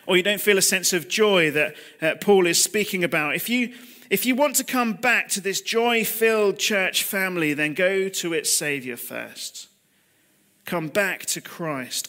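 Speaking over a video call through a computer mic, a man in his thirties delivers a conversational, confessional sermon, putting rhetorical questions to his listeners. His voice is high with a sharp tone.

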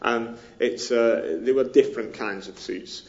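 A pastor with a northern English accent from near Liverpool gives a sermon in a chatty, self-deprecating way, with many ums. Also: male voice, medium pitch, a little slow, darkish tone, muffled recording. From northern England.

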